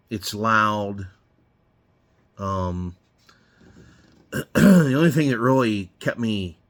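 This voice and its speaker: A man's voice: fairly low pitch, fairly bright tone. A middle-aged man telling rambling, profane stories in a blunt, casual way while he works in his garage. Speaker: garage owner. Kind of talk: casual storytelling while working.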